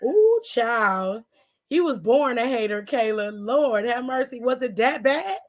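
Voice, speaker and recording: Sassy high-voiced woman roasting. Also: animated, unhurried. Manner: sassy, profane, teasing rhetorical questions. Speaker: co-host. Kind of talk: casual wrestling aftershow chat.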